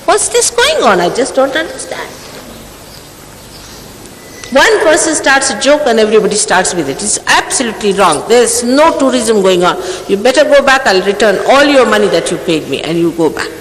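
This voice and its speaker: A woman in her sixties lectures her followers in a stern, admonishing tone, firing off rhetorical questions. Her pitch swings widely as she scolds. The sound echoes around a large hall over a faint hiss. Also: expressive, moderate pace. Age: 60s. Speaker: spiritual teacher.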